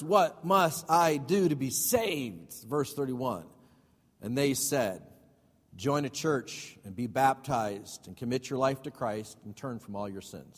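A male pastor teaching a Bible study sermon. He reads scripture aloud and then explains it in casual asides with questions to the congregation. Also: medium pitch. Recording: long hall reverb.

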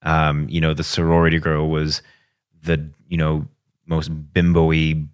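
Low and rumbling, this man speaks unhurriedly with a clean tone while co-hosting a laid-back movie review podcast. A former cinema worker, he tells animated stories and hedges with plenty of fillers.

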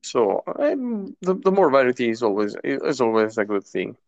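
A man's voice: mid-range voice, very animated, moderate pace, darkish tone, no echo, lo-fi sound. A man co-hosting a casual chat about a tabletop game, hesitant, with many fillers and restarts. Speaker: podcast co-host.

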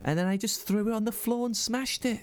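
A man's voice: sits high, steady tone, a little fast. A man in his forties co-hosting a podcast, telling stories in casual chat and acting out voices in his anecdotes. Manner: chatty storyteller, acts out voices in anecdotes. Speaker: podcast co-host.

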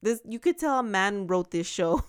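A woman co-hosting a podcast in casual chat, teasing and laughing often with quick retorts. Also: medium pitch, animated, clean tone. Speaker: podcast co-host.

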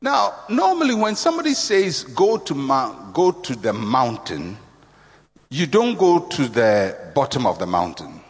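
A man preaching a sermon, emphatic and animated, acting out voices as he speaks. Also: unhurried. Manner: animated, emphatic, acts out voices with big pitch swings. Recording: long reverb of a large hall.

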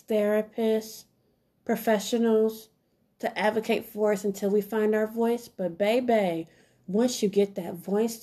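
A woman with a mellow, warm-toned voice talks straight to her listeners in an earnest, encouraging way. She leans on repeated phrases like a gentle sermon. Her pitch sits in an ordinary middle range. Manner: earnest, repetitive, preachy and encouraging. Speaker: podcast host. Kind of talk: motivational self-help talk.

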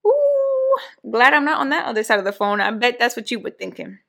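A woman's voice: a little high, fast, creaky. Young woman co-host, casual talker, acts out quotes. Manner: animated, acts out quoted voices. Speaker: podcast co-host. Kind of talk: casual storytelling chat.

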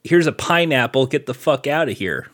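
A man's voice: mid-range voice, lively intonation, normal speed, a bit bright. A man who is a podcast guest, making wry, cursing asides. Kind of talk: casual comedy podcast chat.

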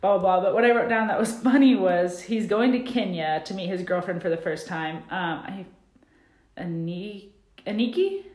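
A woman with a mid-range, darkish voice co-hosts a podcast at a moderate pace. She chats and laughs while recapping a TV show, using lots of "like" fillers. She's recorded in an echoey room without a proper mic.

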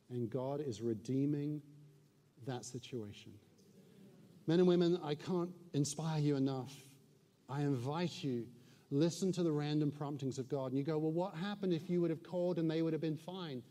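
A pastor preaching to a congregation, a man with a slightly higher voice. He tells stories and sinks to a hush at tense moments. The sound rings with a long reverb from the church hall. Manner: storytelling, dropping to a hushed voice in tense moments. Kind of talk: sermon.

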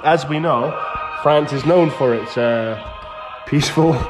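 Man, fairly high voice, podcast host, laughing, swearing, loose. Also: measured pace, over music. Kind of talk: comedic fake news bits.

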